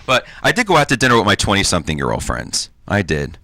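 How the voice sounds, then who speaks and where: Forties guy from new jersey doing self-mocking standup, lively up and down voice, bright tone. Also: low voice, quick pace. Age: 40s. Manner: campy self-deprecating punchline delivery. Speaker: comedian guest. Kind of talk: stand-up comedy set.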